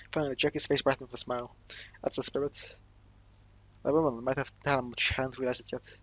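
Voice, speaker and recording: Reading a visual novel aloud fast, a man with a mid-range, fairly bright voice covers every character himself, hardly varying his pitch. It's a casual let's play with asides, and he often trips over words and corrects them.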